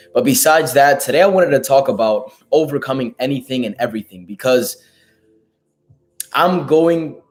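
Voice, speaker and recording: A man with a hoarse, raspy voice giving an emphatic, profane motivational talk as host of a live stream. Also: mid-range voice, darkish tone. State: hoarse from a lost voice.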